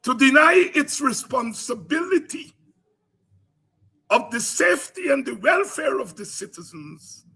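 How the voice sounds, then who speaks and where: A Guyanese man hosting a political commentary program, speaking in an impassioned, preaching cadence that rises to cries and shouts. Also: very high-pitched, big pitch swings, a little slow, gravelly.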